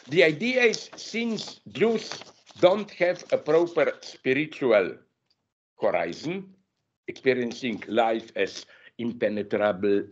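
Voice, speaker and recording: A man giving a masterclass lecture, talking in an animated, digressive way and often correcting himself mid-sentence. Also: mid-range voice, a little hiss or hum. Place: university lecture room. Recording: dull lo-fi lecture recording.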